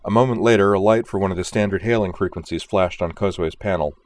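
A very deep-voiced man reads a space adventure audiobook. His delivery is steady and even. He narrates at an unhurried pace.

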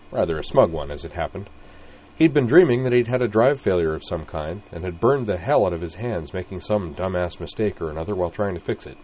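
A deep-voiced man narrates his own story with an expressive, wry delivery. A faint hiss runs under the reading.

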